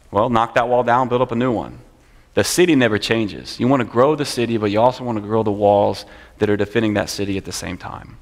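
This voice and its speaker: Earnest man teaching a church class. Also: on the low side. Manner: earnest, conversational, repeats phrases. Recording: long church hall reverb.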